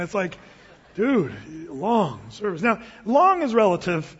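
A man's voice: high-pitched, big pitch swings, slow, husky, big-room sound. Guy pastor preaching, casual and punchy, dull muffled recording. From United States. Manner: conversational, emphatic, with quoted asides. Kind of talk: sermon. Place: church sanctuary.

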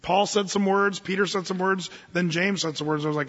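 Husky-voiced man preaching in a hall. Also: high-pitched, muffled recording. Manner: animated preaching, reads scripture slowly. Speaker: pastor. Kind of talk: sermon.

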